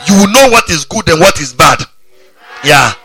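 A pastor preaching a sermon, breaking into sudden high exclamations. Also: male voice, animated, normal speed, gravelly, pushed and bright, husky, faint music behind.

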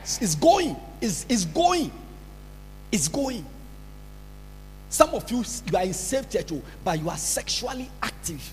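A man preaching a sermon, scolding and repeating himself, breaking into shouts, recorded in a large church hall. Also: high voice, sing-song, a little slow, pauses often. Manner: scolding, repetitive, bursts into shouts. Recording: reverberant hall with faint music.

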